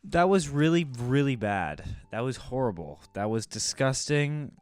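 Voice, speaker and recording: A man's voice: medium pitch, sing-song, unhurried, a little mellow, clean tone, dry recording, soft background music. A young man giving casual, blunt, self-critical commentary on his own old stand-up set.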